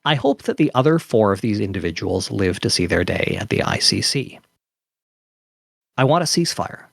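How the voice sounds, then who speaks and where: A man's voice: fairly low pitch, expressive, brisk, vocal fry, husky, no echo. A man hosts a casual podcast in an earnest voice that rises and falls a lot. His sound is dry and close, with no room around it. He often restarts his sentences as he talks. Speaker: podcast host.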